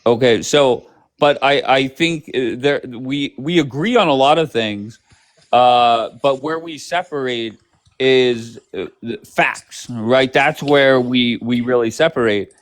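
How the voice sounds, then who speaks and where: A man's voice: medium pitch, takes it slowly. A man hosting a live stream who presses his caller with pointed questions and keeps interrupting. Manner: pressing, interrupting, asks for yes or no. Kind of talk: casual political debate.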